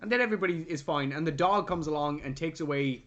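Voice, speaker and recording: A young adult man co-hosting a movie review podcast, casually and animatedly retelling scenes and jumping into loud voices for the characters. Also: on the high side, fast talker, muffled recording. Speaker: podcast co-host.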